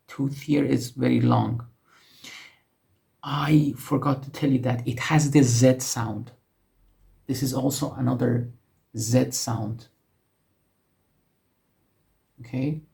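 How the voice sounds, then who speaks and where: A language teacher with a slow, gravelly, slightly mellow voice teaches letters while writing on a board in a casual way. His pitch is medium and barely moves, and he explains patiently, often correcting himself.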